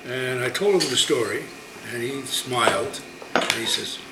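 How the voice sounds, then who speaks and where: A man telling a ghost story to visitors in a casual, animated way, acting out the voices he quotes. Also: mid-range voice, unhurried, very noisy. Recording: echoey room, loud dish clatter. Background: clattering dishes and cutlery.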